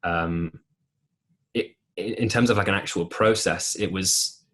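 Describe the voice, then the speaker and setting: A man's voice: low-pitched, measured pace, fairly bright tone. A young man, a musical theatre actor, chatting as a podcast guest in a rambling way with many restarts. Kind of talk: casual chat.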